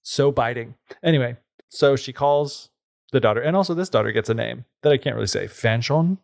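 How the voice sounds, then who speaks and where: Man, gravelly voice, dry close mic, chatty podcast co-host. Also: mid-range voice, brisk, darkish tone, dry recording. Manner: loose and chatty, with many fillers, putting on voices for the characters. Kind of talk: casual retelling of a fairy tale.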